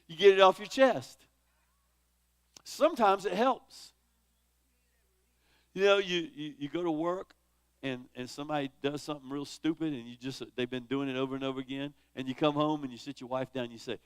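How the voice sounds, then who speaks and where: A man's voice: on the high side, moderate pace, long pauses, clear, resonant tone. A man leading a church Bible study, teaching in a conversational, dramatic way and reading scripture with feeling. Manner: dramatic, conversational, rises sharply on quoted laments.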